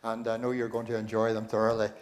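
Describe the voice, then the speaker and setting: Speaking fast and in a monotone, a fairly low-voiced older man with a Northern Irish accent acts as master of ceremonies at a church concert. He jokes into the stage mic, chuckling and rambling, with lots of fillers and restarts. A little hiss or hum is audible.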